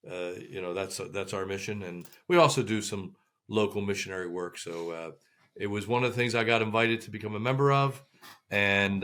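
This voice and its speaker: An older man, a guest surgeon on a podcast, speaking in a halting way with many pauses. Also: deep voice, a bit bright, clear, resonant tone. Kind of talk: casual podcast interview.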